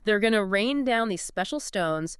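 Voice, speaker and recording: A woman's voice: medium pitch, animated, normal speed, a bit bright, smooth, no room sound, studio quality. A woman co-hosting a casual podcast discussion, chatty and explanatory, often saying "like" and "you know". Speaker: podcast co-host explaining a lecture.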